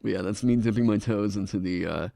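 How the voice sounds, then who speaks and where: A man's voice: fairly low pitch, fast talker, creaky, mellow, no echo, clean studio sound, soft background music. A man chatting casually on a live stream into a desk microphone. He rambles, laughs often and swears freely. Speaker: streamer designing a game class.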